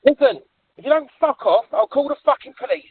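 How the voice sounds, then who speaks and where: A man's voice: very high-pitched, animated, brisk. An English man at his home, firmly telling off an angry visitor and swearing back. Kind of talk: heated doorstep argument. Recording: tinny phone-like audio.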